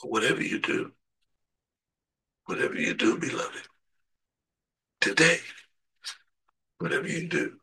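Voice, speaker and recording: A man preaching a sermon and leading a prayer, impassioned, surging from hushed to shouting. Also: mid-range voice, sing-song, a little slow, pauses often, husky, far from the mic.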